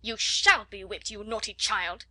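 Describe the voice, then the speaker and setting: A woman's voice: medium pitch, normal speed, sharp tone. A woman doing a stern, stately headmistress. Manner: stern, clipped and commanding.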